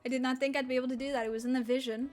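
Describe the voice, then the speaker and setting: High-voiced young woman rambling on stream. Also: flat delivery, rapid-fire, a little mellow, faint music behind. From Mississippi. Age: about 20. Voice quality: unusual slack-jawed accent. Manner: rambling, swears, laughs often. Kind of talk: casual stream chat.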